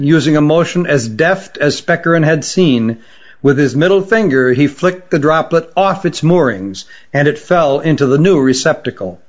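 A man narrating a fantasy story in a steady, even storytelling manner. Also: fairly high pitch, lo-fi sound. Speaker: audiobook narrator.

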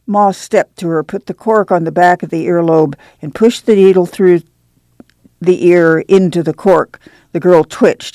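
This audiobook is narrated by a woman whose voice is on the low side, her storytelling even and measured, with no room sound.

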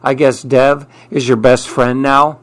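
A man's voice: mid-range voice, flat delivery, a little slow, fairly bright tone, close to an everyday voice. A man reading aloud, voicing an upset young girl in a picture book who speaks with emphasis. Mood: emphatic. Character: upset young girl, hurt then forgiving.

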